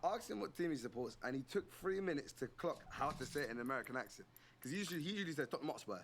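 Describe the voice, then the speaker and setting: A man's voice: a little high, animated, very fast, a bit bright, faint music behind. A man giving rambling, blunt commentary on the contestants. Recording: noisy background.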